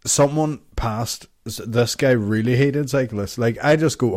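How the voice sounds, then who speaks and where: A man's voice: medium pitch, a little slow, a little mellow, dry recording, studio quality. A young man, co-hosting a casual podcast chat, rambling and swearing freely as he talks. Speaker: podcast co-host.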